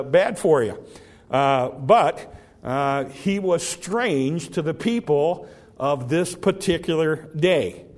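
A man preaching a folksy Bible-teaching sermon, slowing down to read scripture and often restarting his words. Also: fairly high pitch.

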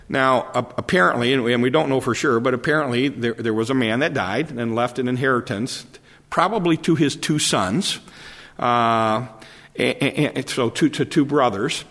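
Gravelly male preacher in a reverberant hall. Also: medium pitch, fairly bright tone. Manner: halting, repeats words often, conversational. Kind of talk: sermon.

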